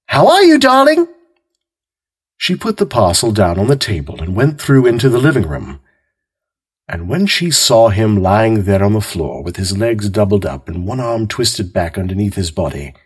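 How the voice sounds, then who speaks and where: A man hosting and narrating a calm mystery story in a measured, expressive way. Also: fairly low pitch, breathy edge. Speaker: host and narrator.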